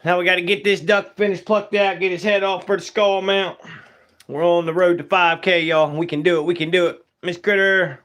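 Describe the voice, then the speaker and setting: A young man with a slightly high voice talks casually on a live stream while he works as a taxidermist. He is laid-back and greets viewers one by one, with loose, easygoing grammar. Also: fairly even intonation, normal speed, fairly bright tone.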